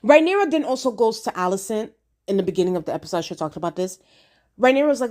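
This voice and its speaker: A woman talks through a TV episode in a casual review vlog. She is blunt and slangy, swears freely, and speaks straight to her viewers. Her voice sits at a middle pitch. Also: animated, rapid-fire, darkish tone. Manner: outspoken, addresses viewers directly. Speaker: TV show reviewer.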